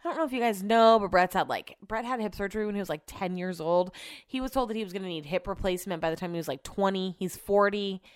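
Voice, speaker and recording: A woman's voice: medium pitch, fast, clear, resonant tone, no room sound. Woman telling a profane story, dry sound. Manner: animated, profane, acts out quotes. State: clearing her throat. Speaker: podcast host. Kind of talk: casual storytelling.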